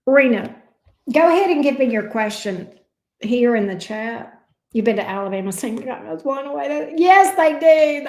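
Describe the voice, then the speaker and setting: A woman's voice: fairly high pitch, darkish tone. Woman, Southern drawl, casual livestream chat, affectionate pet names, echoey room. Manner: chatty, uses endearments like babes and love bug. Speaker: tarot reader livestream host.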